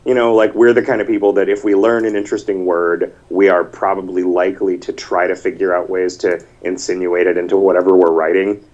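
A fairly low-voiced man hosts a casual podcast over an online call. He rambles, breaks off mid-sentence and reads listener messages aloud. The audio comes through dull and lo-fi. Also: level tone, a little fast, few pauses, a little mellow. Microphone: computer mic over an online call.

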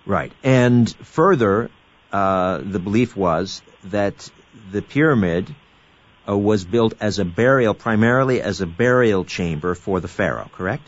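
A low-pitched man hosting an interview, recorded with a somewhat dull, lo-fi sound. He frames his questions in a measured way, recapping what his guest has said. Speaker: host. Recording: dull lo-fi audio.

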